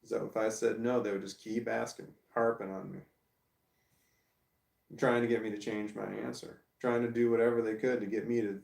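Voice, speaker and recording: A man's voice: lowish voice, gravelly, a little mellow. A middle-aged man venting bluntly and profanely in a personal video rant, repeating himself as he goes. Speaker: vlogger. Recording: echoey room, distant from mic.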